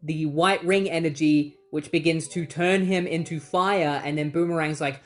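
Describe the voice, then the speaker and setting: A man's voice: a little high, fairly even intonation, normal speed, few pauses, soft background music. A man casually recapping a comic book story in a chatty, sarcastic way and acting out the characters.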